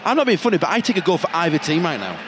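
A young man, bantering jokily and excitably at a football match. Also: a little high, rapid-fire. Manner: jokey, excitable, laughs often. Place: outdoor football stadium. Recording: noisy stadium crowd behind.

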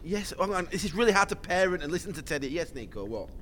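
Middle-aged male podcast co-host, excitable, interrupts, voice a touch high. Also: fast talker, faint music behind. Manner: excitable, reacts loudly to scores, interrupts. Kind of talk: casual podcast chat. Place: at home with children around.

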